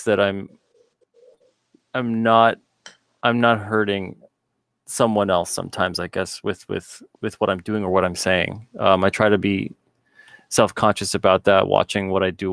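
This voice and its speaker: A man's voice: fairly low pitch, fairly even intonation, measured pace, vocal fry, fairly bright tone, dry recording, clean studio sound. A man from New York, a guest in a casual interview, talking in a hesitant, thoughtful way and laughing often. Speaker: guest comic artist.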